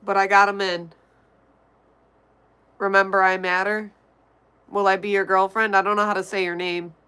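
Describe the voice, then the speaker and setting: A woman's voice: mid-range voice, level tone, normal speed, sharp tone, clean tone. A woman streamer reading her chat aloud and answering it bluntly and offhandedly, vaping between remarks. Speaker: livestreamer. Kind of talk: casual chat reading viewer comments.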